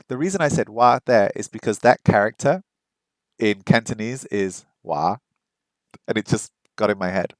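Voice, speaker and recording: A man thinking aloud in a casual vlog, wondering and unsure, slowly sounding out foreign phrases as he practices them. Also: lowish voice, expressive, no room sound. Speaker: vlogger learning a language.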